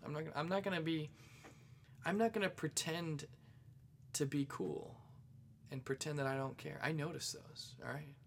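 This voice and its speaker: A man from the St. Louis area hosting his own podcast alone, rambling excitedly with jokey asides. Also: a little high, normal speed, vocal fry, long pauses, a little hiss or hum. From St. Louis area, Missouri. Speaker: podcast host. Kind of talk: casual solo podcast monologue.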